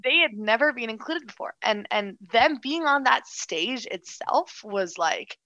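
A woman co-hosting a casual political chat, animated and quick, full of restarts and "like". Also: fairly high pitch, no echo, lo-fi sound. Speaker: political commentator, co-host.

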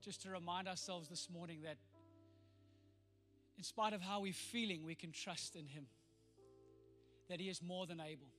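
A man's voice: high voice, fairly even intonation, normal speed, long pauses, a bit bright. A man preaching a sermon with emphatic storytelling, acting out the people in his story. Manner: emphatic storytelling, voicing quoted figures. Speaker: pastor. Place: church hall. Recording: reverberant hall with faint music.

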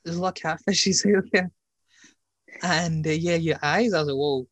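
A man's voice: fairly high pitch, steady tone, moderate pace, a bit bright, dry recording. A young man hosting a podcast in casual chat, slangy and teasing, often breaking into laughter. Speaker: podcast host.

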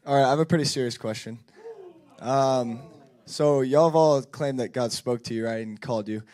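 A man's voice: medium pitch, normal speed, a little mellow. A man moderating a church panel, asking questions casually with a joke. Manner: jokey, asks questions casually.

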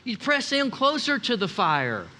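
A man preaching a lively sermon as pastor, with asides to the congregation and acted-out quotes. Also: extremely high pitch, a little slow.

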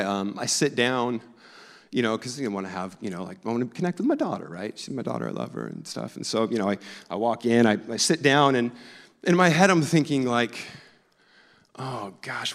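A man in his forties preaches a loose, chatty sermon. His pitch sits in a middle range for a man, and he keeps poking fun at himself. The sound carries the long reverb of a church hall. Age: 40s. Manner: joking, self-deprecating and chatty. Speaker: pastor. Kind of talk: conversational sermon. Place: church sanctuary.

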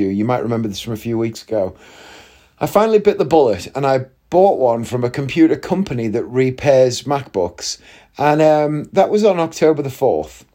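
A man's voice: medium pitch, warm tone. A man, telling a long story in a chatty, rambling way with wry asides. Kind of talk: casual storytelling monologue.

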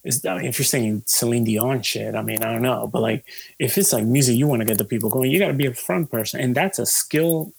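A musician being interviewed, talking in a loose, rambling way with lots of fillers, swearing and easy laughs. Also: male voice, mid-range voice, fast talker, creaky, a little mellow, husky. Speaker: musician guest. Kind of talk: casual conversation.

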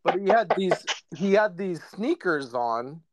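A man's voice: sits high, expressive, heavy background noise. A man co-hosting a podcast, telling a meandering anecdote in casual chat and trailing off often. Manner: rambling, slow, trails off. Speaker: podcast co-host.

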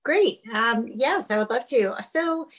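A middle-aged woman, a guest on an interview podcast, telling her story in a casual, animated way over a video call and laughing often. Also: a little high, takes it slowly, poor audio. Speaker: podcast guest, fitness instructor.

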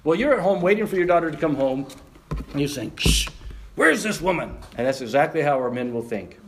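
A man's voice: a little high, fast, recorded from a distance, background noise. A man preaching to a congregation, telling an illustration story with acted-out voices and laughter. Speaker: missionary preacher. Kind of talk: sermon illustration with audience participation. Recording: echoey room, speaker away from mic.

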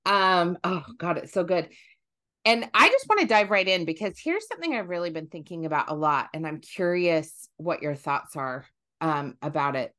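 A woman hosting a casual podcast, her voice sitting a little low. She speaks with animation, restarting phrases and using fillers as she works through her thoughts. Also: sing-song, normal speed, a bit bright. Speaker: podcast host.

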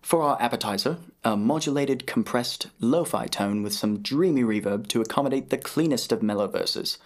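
A man's voice: mid-range voice, moderate pace, lightly acted. A man putting on a mock British accent, playing a pompous fine-dining server who presents his dishes in flowery menu language. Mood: grandiose. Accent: put-on British.

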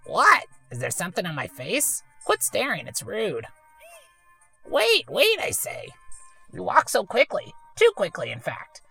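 A woman voicing a haughty, fussy male talking hat with a gravelly, husky voice and a prim, lecturing manner. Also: medium pitch, huge pitch swings, a little slow, bright, forceful tone, faint music behind, voice pushed up, full character voice. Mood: huffy. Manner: prim, lecturing, old-fashioned phrasing. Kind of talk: let's-play voice acting.

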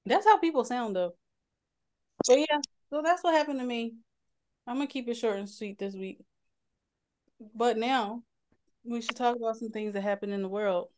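A woman in her late thirties with a Philadelphia-area accent tells stories on a chatty podcast. Her voice sits at an ordinary middle pitch. She talks in an animated way and laughs easily. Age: 30s. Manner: animated storytelling, laughs often. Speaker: podcast co-host. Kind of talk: casual chat.

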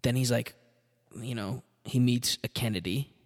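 A man's voice: medium pitch, normal speed, long reverb tail. Rambling, profane male podcast host. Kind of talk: casual solo monologue.

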